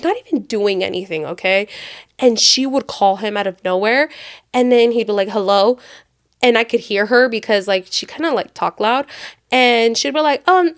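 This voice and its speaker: A woman co-hosting a podcast, telling a long personal story in a loose, animated way, full of filler words. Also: a little high. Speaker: podcast co-host. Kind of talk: casual chat storytelling.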